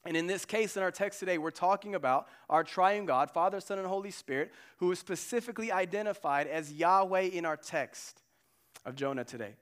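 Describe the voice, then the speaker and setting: A male pastor delivering a sermon in a relaxed, chatty manner, dropping slang and playful asides as he explains the text. His voice sits a little higher than most men's. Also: fairly quick, smooth. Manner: casual, conversational preaching with slangy asides and acted quotes.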